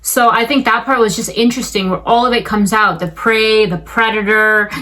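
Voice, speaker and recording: A woman's voice: medium pitch, steady tone, moderate pace, bright, forceful tone, rough recording. A young woman talking casually about a film, chatty and full of fillers, now and then acting out the characters' lines. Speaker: film commentator. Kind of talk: casual film review vlog.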